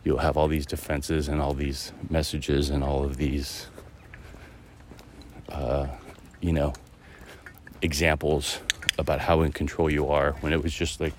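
Very deep-voiced man musing aloud. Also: level tone, a little slow, slight background noise. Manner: rambling, musing, with many fillers and restarts. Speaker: podcast host. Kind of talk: casual reflective monologue. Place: outdoors, walking a dog through a neighborhood.

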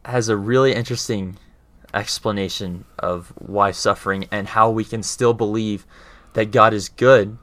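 Male speaker with a fairly low voice, earnest and conversational, explains ideas and often pauses to check in with his listener. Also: fairly even intonation, fairly bright tone, no room sound. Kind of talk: casual explanatory talk.

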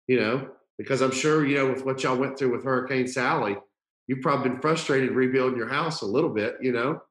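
A man's voice: mid-range voice, fairly quick, fairly bright tone, echoey room, rough recording. A man hosting a podcast, telling a personal story earnestly in casual conversation, with many fillers and restarts. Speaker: podcast host.

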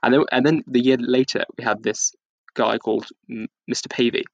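A man's voice: medium pitch, fairly even intonation, brisk, vocal fry, dry recording, muffled recording. A man co-hosting a podcast, telling rambling school anecdotes with frequent giggles. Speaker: podcast co-host. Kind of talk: casual chat.

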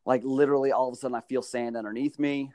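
A man telling stories in casual chat, animated and often laughing. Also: medium pitch, rapid-fire, no echo, studio quality. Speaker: storyteller.

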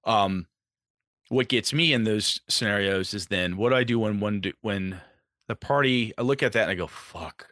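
Low-voiced male GM, punchy and bright, cusses freely, dry close recording. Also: normal speed, dry recording. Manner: animated, profane, acts out characters. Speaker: game master. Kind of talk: casual chat about running tabletop games.

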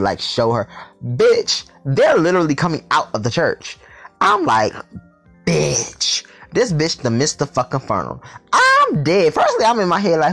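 In a storytime vlog, a man with a mid-range voice tells a tale animatedly, packing it with profanity and slang.

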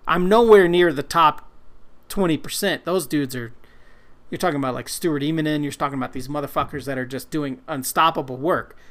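A man's voice: on the high side, brisk, fairly bright tone. A man co-hosting a casual podcast, rambling and swearing in a self-deprecating way. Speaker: podcast co-host, comic colorist.

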